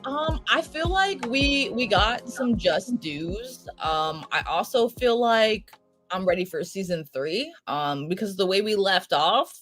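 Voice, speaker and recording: A woman chatting casually as a podcast co-host, excitable and profane, telling it with lots of energy. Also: mid-range voice, slow pace, faint music behind. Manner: excitable, profane, animated storytelling. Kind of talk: casual chat.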